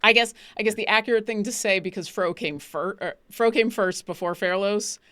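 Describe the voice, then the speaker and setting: A woman's voice: mid-range voice, a little fast, no room sound. Woman player chatting about her tabletop game, bouncy voice, laughs a lot, dry sound. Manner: animated, laughing, restarts often.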